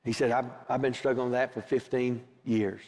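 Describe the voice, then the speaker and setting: A man's voice: medium pitch, fairly even intonation, a little fast, darkish tone. A middle-aged man preaching a sermon, telling a personal story and acting out both sides of the conversation. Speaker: pastor. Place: church sanctuary. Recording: long hall reverb, church sanctuary.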